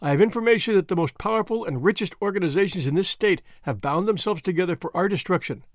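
A man's voice: sits high, animated, fast talker, no room sound, studio quality, pitched above the performer's own voice. A man reading as McMurdo, an earnest bold young man. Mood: solemn, grave. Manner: earnest, forceful pleading and solemn speechmaking. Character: bold young man, secret-society member, earnest and commanding.

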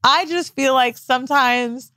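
Young woman podcast co-host, slightly high voice, crude laughing banter, dry close sound. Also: measured pace, pushed and bright, no room sound. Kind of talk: casual chat.

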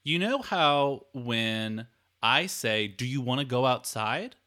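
A man's voice: mid-range voice, lively intonation, slow, sharp tone. A man hosting a podcast, teasing his co-host and giving playful commands. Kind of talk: casual chat.

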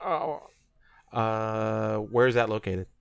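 A man's voice: on the low side, slow pace, vocal fry, smooth, no room sound, clean studio sound. A man in his thirties co-hosting a podcast, chatting casually and teasing his friends with jokes. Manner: joking, teasing banter. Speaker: podcast co-host. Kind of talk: casual chat.

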